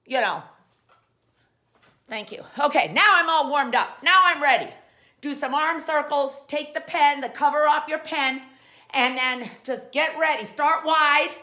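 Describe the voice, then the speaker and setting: A woman's voice: high voice, a little slow, sharp tone. A woman hosting a comic how-to show, playful and rambling, full of jokey asides. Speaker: host.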